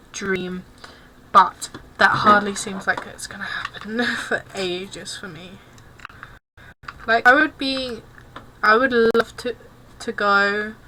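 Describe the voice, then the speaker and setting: A young woman from England, medium-pitched, streams while she crafts cosplay, with background noise audible. She chats casually but self-consciously awkwardly, apologising often.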